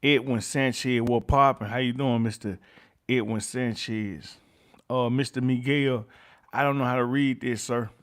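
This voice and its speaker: A YouTube host runs a livestream in a steady, slightly bright, medium-pitched voice, speaking a bit slowly. He greets chat viewers by name, repeats his catchphrases, and chuckles often.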